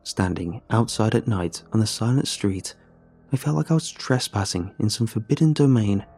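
A man narrating a horror story in a measured, somber way. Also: on the low side, warm tone, slightly rough, faint music behind.

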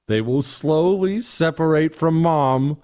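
A man's voice: a little high, slow pace, a little mellow, clear, resonant tone. A middle-aged man hosting a talk show, giving blunt, exasperated opinions and answering listener emails.

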